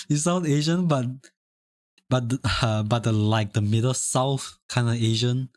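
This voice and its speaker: A man's voice: mid-range voice, moderate pace, darkish tone, no echo. Rambling young man streaming, dry close mic. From Singapore. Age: young adult. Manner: rambling, repeats phrases, chuckles often. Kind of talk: casual live-stream chat, reading chat aloud.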